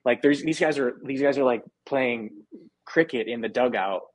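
A young man from the United States talks easily as a podcast guest, trading stories in a loose, slangy way and often restarting his sentences. His voice sits at a middle pitch. The sound is dry and close, with no room around it. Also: normal speed, no echo. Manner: relaxed storyteller with frequent restarts and slang. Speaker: podcast guest, former minor league player. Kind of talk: casual interview chat.

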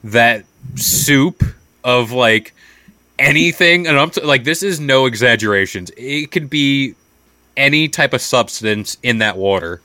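Bright rambling young man. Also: medium pitch, animated, measured pace, no echo. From New York. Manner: rambling, says "like" a lot. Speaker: podcast co-host. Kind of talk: casual chat.

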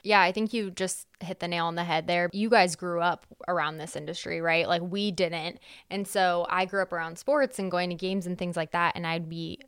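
A woman hosting a casual chat, speaking in a relaxed, reflective way and putting questions to her guests. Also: fairly low pitch, moderate pace, few pauses, clear, resonant tone, no echo, studio quality. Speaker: host.

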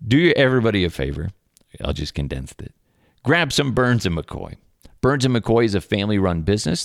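In a low voice, a thirtysomething podcast host chats casually, spinning rambling, animated stories about his kids with laughs. The studio recording is clean with no echo.

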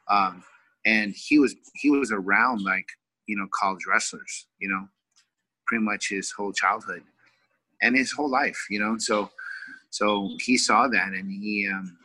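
A man in his forties from California tells an emotional story as a guest, rambling and leaning on fillers. His voice is very bright and forceful, and it sits a bit low. It is recorded close and dry, with no room sound. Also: breathy edge, no echo, rough recording. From California, USA. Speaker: wrestling coach, guest. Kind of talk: heartfelt personal storytelling.

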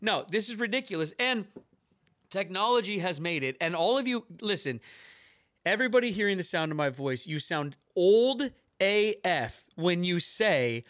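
A man hosting a podcast, talking in a high, lively voice that leaps all over the place. He rants theatrically and piles on exaggerated outrage. The recording is close and dry. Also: normal speed, no room sound. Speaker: podcast host. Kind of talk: casual chat.

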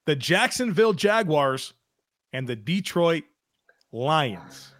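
An upbeat man co-hosts a sports podcast over a video call, his voice sitting a little higher than most men's. He rattles off figures briskly. The sound is dry and close, with no room at all. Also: very animated, a bit bright, no echo. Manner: upbeat, rattles off lists of numbers. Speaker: podcast co-host. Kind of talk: casual sports podcast chat.

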